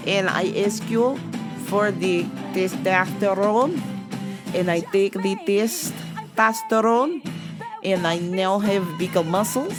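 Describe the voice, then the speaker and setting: A woman voicing a woman customer who speaks halting broken English. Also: mid-range voice. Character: foreign woman customer boasting of testosterone.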